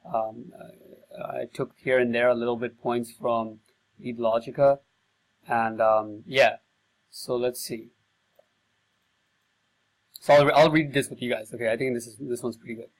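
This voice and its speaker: A man's voice: medium pitch, fairly even intonation, measured pace, pauses often, low-quality recording. A man who sells digital marketing, talking casually to camera and thinking aloud in a loose, rambling way. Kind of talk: casual talk to camera about sales scripts.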